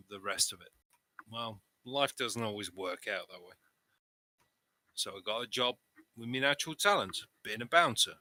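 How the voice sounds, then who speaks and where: A man's voice: lowish voice, sharp tone, no echo, rough recording. A man voicing a burly male bouncer in a tabletop game, telling his story boastfully. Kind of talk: tabletop role-play.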